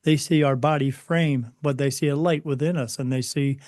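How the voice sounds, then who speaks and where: A man with a slightly raised voice tells his own story as an interview guest. He speaks earnestly but haltingly, often stumbling over and repeating words. The sound is dry and close. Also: on the high side, steady tone, a little mellow, no echo. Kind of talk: personal storytelling.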